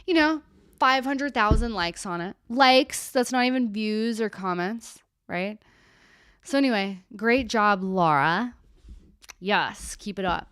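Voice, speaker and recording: A woman talks to her viewers on a live stream in a candid, animated, chatty way, now and then with a casual swear. Her voice is smooth and clear, at a middle pitch, and the sound is dry and close. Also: takes it slowly, no echo. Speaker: therapist hosting a live Q&A.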